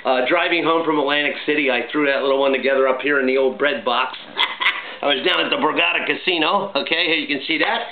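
A middle-aged man hosting his own vlog, talking in a chatty, upbeat, jokey way full of shout-outs. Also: a little high, brisk. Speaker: vlog host. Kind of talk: casual home vlog monologue. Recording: echoey, tinny phone-like sound, faint hiss.

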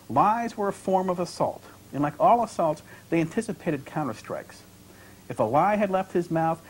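A male author reads his own fiction aloud to an audience, measured and expressive. His voice sits a bit high and rises and falls in a lively way, with a faint hiss behind it. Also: low-quality recording. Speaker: author and creative writing professor. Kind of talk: literary reading.

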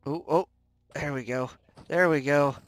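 Excitable man yelping through gameplay. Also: fairly high pitch, measured pace, no echo. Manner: excitable, jumpy reactions with frequent yelps and self-mockery. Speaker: let's play host. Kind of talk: gameplay commentary.

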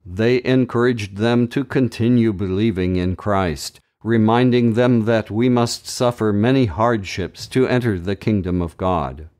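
Slow, low-voiced man reading scripture. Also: darkish tone. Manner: measured, deliberate reading. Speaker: Bible reading podcast host.

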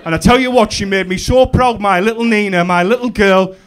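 A man in his thirties with a Middlesbrough accent delivers a stand-up routine on a comedy club stage, speaking into a handheld mic. His voice sits high for a man. He tells his story with plenty of swearing, swinging from hushed asides to loud outbursts. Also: a little fast. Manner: animated, sweary storytelling with big swings in pitch and loudness.

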